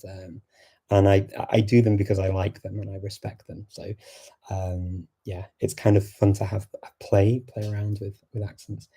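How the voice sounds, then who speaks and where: A man's voice: lowish voice, vocal fry, warm tone, husky. A British man hosting a casual livestream Q&A, chatty, laughing often, full of fillers. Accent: British English. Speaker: host of a language livestream.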